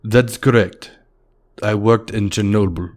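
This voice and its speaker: A man voicing a mysterious Russian former power plant worker with a heavy Russian accent, talking slowly and deliberately. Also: fairly even intonation, natural voice. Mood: insistent. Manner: heavy accented, slow and deliberate, raised pitch. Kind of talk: creepypasta character voice.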